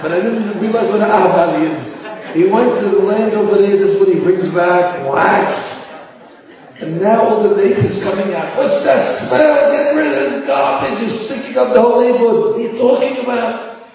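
A man voicing a poor man's frantic, scolding wife in a shrill, exasperated voice that climbs into shouts. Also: normal speed, a crowd in the background. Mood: wailing. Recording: echoey hall, voice from far off, dull.

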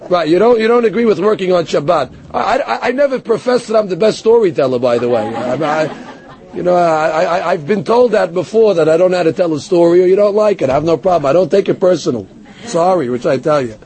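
A man with a high-pitched, slightly mellow voice teaches a Torah class as a rabbi. Stories, Hebrew verses with explanations, and a self-deprecating reply to a heckler fill his lecture.

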